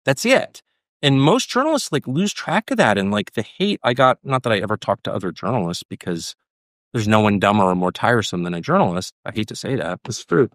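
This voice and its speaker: A man's voice: fairly low pitch, sing-song, brisk, no echo, studio quality. An American man as the guest in a heated political conversation, talking in an emphatic, combative way and repeating his points for stress. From United States. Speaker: interviewee.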